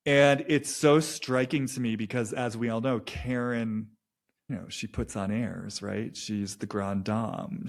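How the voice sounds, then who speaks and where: A man's voice: medium pitch, creaky. Hesitant, reflective man giving an intuitive reading. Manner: hesitant, slow and reflective, with many restarts and soft laughs. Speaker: intuitive reader. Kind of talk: spoken intuitive reading monologue.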